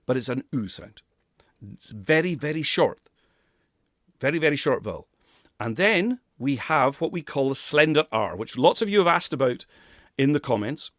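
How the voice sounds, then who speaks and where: A man's voice: mid-range voice, a bit bright, dry recording, studio quality. A man coaching pronunciation who demonstrates sounds and laughs often. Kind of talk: pronunciation lesson.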